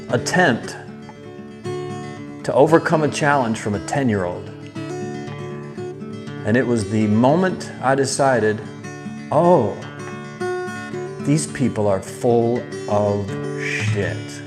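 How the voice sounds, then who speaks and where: A man hosting a live stream, casually telling a childhood story and reading chat comments, acting out the voices he quotes. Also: mid-range voice. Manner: animated, acts out quoted voices. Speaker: livestream host.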